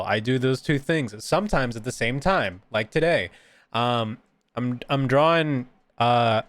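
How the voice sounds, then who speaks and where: A man chatting casually and rambling with frequent giggles as he streams his drawing. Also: medium pitch. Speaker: art streamer and VTuber. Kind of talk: casual live-stream chat.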